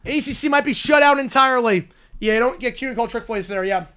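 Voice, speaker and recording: A man hosting a live stream, reacting excitedly to college football games and answering his chat. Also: extremely high pitch, brisk, clear, resonant tone.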